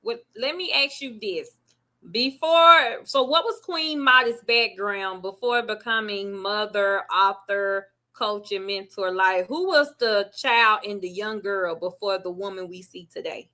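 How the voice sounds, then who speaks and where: A woman's voice: mid-range voice, measured pace, bright, forceful tone. A woman hosting a casual interview who chimes in with affirmations and exclamations. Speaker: interview host.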